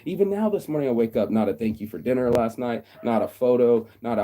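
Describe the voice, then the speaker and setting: A man's voice: medium pitch, expressive, brisk, few pauses, dark tone. A man delivering a blunt, profane rant straight to the camera in a casual vlog. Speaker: vlogger.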